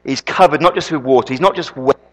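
A man preaching a sermon, an animated storyteller who throws quick asides to the congregation. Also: on the high side. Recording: long reverb in a hall.

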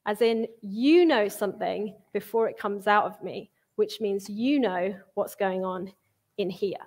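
A young woman giving a sermon in an earnest, expressive, conversational way. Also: medium pitch, a little slow. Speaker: preacher.

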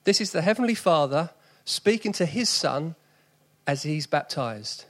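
A man in his forties preaching with a South East London accent. His voice sits fairly high, and he speaks in an earnest, conversational way that climbs into emphatic lists. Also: animated, measured pace. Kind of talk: sermon.

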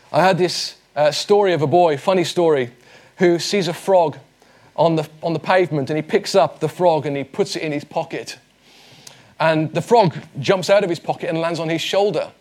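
A man, preaching a sermon in a conversational, earnest way with light humor. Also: a little high. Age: 40s. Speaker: pastor.

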